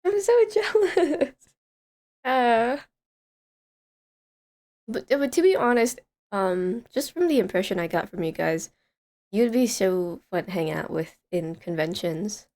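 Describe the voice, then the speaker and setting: A woman's voice: fairly low pitch, lively intonation, normal speed, darkish tone. A young woman streaming live, chatting casually with viewers, rambling and laughing often as she greets chatters.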